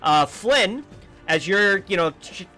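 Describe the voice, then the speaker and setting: Male GM, high bright voice, casual rambling narration, faint music bed. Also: slow pace. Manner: relaxed, filler-heavy narration. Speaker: game master. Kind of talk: narrating a tabletop game.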